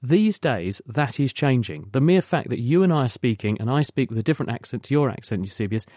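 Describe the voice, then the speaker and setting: Mellow-voiced man explaining science. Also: mid-range voice, expressive, brisk, no room sound, clean studio sound. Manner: explains patiently in long spoken sentences with restarts. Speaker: science expert guest.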